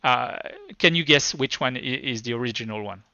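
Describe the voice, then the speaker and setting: A man with a thick French accent presents at a tech conference, his explanations halting and full of restarts. His voice is bright and forward, heard dry and close with a slightly dull, muffled tone. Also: mid-range voice, gravelly, no echo. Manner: hesitant, stop-start explaining. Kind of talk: live technical presentation.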